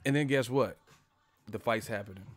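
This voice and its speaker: A man's voice: fairly low pitch, moderate pace, dry recording, faint music behind. A man hosting a casual live boxing chat, brash and profane, talking with frequent laughs. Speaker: boxing channel host. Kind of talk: casual live-stream commentary.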